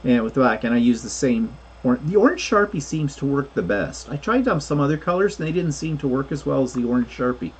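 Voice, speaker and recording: A man's voice: medium pitch, lively intonation, fairly quick, few pauses, breathy edge. A man co-hosting a casual crafting livestream, rambling through explanations of his 3D printing projects with plenty of fillers.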